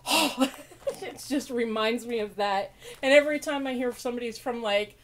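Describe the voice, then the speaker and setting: In a casual unboxing chat, a woman podcast host opens mail while gushing, laughing often, and joking sarcastically about herself. Her voice is slightly high at a moderate pace, with a little hiss or hum in the recording.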